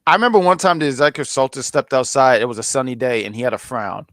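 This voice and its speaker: A man's voice: mid-range voice, very fast, a bit bright, no room sound. A man co-hosting a casual review podcast, joking around in playful mock outrage. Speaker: co-host of a wrestling review show.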